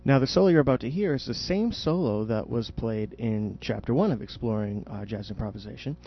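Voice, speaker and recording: A man's voice: mid-range voice, lively intonation, fairly quick, highs cut off. A man teaching jazz improvisation in a podcast audio lesson, explaining patiently and demonstrating spoken question and answer inflections.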